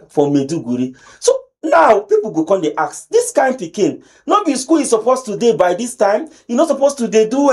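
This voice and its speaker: A man's voice: very high-pitched, darkish tone. A man with a Nigerian accent hosting a pidgin talk show in a studio, chatty and teasing, with many fillers. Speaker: host.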